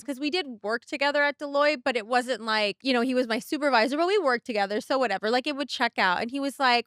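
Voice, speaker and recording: A woman's voice: sits high, fast talker, hardly any pauses, bright, forceful tone, dry recording, studio quality. A woman in her thirties, a podcast co-host telling stories in casual chat, blunt and full of swearing. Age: 30s. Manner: blunt, profane storytelling.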